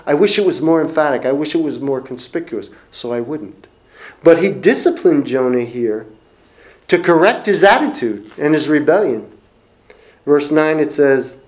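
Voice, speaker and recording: A middle-aged man preaching a sermon in an earnest, reflective manner, pausing and repeating phrases. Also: on the high side.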